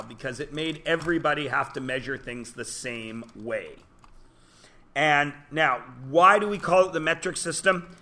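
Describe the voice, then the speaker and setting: A man's voice: on the high side, pushed and bright. A man teaching a class, chatty and joking as he lectures and quizzes his students in a classroom.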